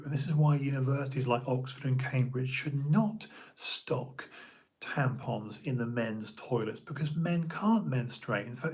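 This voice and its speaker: A middle-aged man, a personal trainer giving an opinionated, rambling monologue full of restarts and asides on his own show. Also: medium pitch. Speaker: podcast host and personal trainer.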